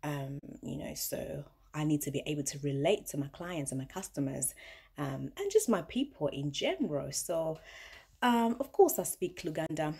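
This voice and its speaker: A woman's voice: low voice, animated, normal speed, gravelly, mellow, husky. A young woman from Uganda with a British South London accent, chatting playfully in a casual vlog and laughing often. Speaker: vlogger.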